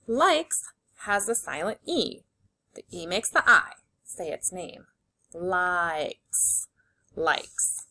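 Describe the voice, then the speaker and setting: A woman teacher leading a phonics lesson for young children, slowly sounding out words and giving simple, encouraging instructions. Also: mid-range voice, big pitch swings, bright, forceful tone. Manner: slow, clearly segmented sounding-out of words.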